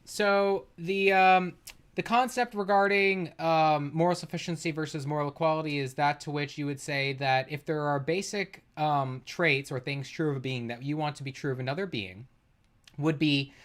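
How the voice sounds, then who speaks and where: A man's voice: fairly high pitch, steady tone, normal speed, fairly bright tone. A man streaming and reacting to a debate clip, arguing back in a profane, exasperated way and laughing at times. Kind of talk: heated livestream commentary.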